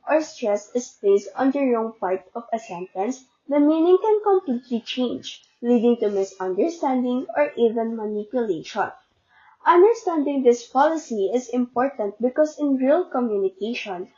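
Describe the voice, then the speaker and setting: A young woman walks through a class report in a mellow, slightly high voice. She explains carefully and leans on the key words of each example. The recording sounds dull and lo-fi. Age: young adult. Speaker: student presenter.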